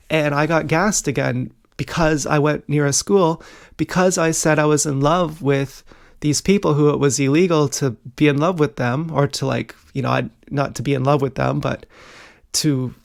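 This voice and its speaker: A man's voice: fairly high pitch, fairly even intonation, normal speed, vocal fry. A young man talking in a rambling, agitated monologue, swearing often and jumping between worries. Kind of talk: casual monologue vlog.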